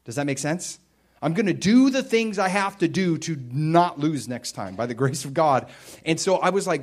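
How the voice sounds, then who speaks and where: A man's voice: on the high side, moderate pace. Man preaching a conversational sermon. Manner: animated, conversational preaching with rising emphatic bursts and quieter stretches. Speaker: pastor.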